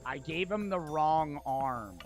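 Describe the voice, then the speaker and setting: A young man streaming a surgery game, yelling and swearing in frantic outbursts. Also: a little high, lively intonation, slow, music in the background. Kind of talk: live gameplay commentary.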